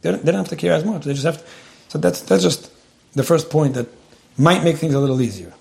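Man, counselor, quick delivery, gravelly, slightly high voice, earnest advice talk. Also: a little mellow.

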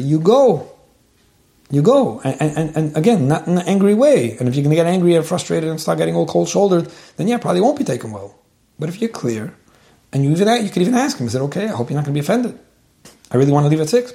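A man gives a spoken lesson on marriage in a quick, earnest stream. His voice sits a little high yet sounds mellow and warm. He keeps a gentle tone and repeats words as he works out each thought.

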